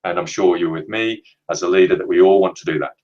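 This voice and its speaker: A man with a deep, slightly mellow voice presents a leadership training webinar. He explains in a measured, emphatic way, slowing down to stress key words. The audio sounds dull.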